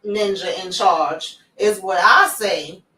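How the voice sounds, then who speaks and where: A woman's voice: mid-range voice, slow pace, sharp tone, roomy sound, far from the mic, rough recording. A woman hosting a casual TV recap chat, telling the story loosely in slang and reading viewer comments aloud. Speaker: show host.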